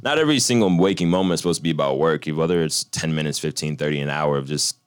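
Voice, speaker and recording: A young man co-hosting a podcast, chatting in a relaxed, encouraging way with casual swearing. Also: extremely low pitch, quick pace, clear, resonant tone, dry recording. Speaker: podcast co-host. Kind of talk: casual chat.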